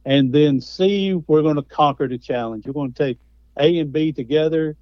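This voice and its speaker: A man's voice: on the high side, moderate pace, no room sound. Folksy man, dry lo-fi sound. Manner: folksy storytelling. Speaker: guest, motivational speaker and author. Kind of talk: conversational interview.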